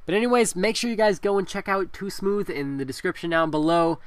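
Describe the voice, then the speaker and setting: Chatty young man with a crisp voice. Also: sits high, fairly quick, no room sound. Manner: chatty, laughing, many fillers. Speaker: gaming commentator. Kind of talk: casual storytelling over gameplay.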